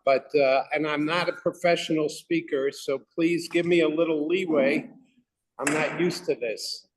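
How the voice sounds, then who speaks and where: A man giving a talk at a synagogue, reading a prepared text in a halting way with many restarts and pauses. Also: fairly high pitch, fairly even intonation, background noise. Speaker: lay speaker giving a talk. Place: synagogue room. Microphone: microphone not working. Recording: long reverb in a hall.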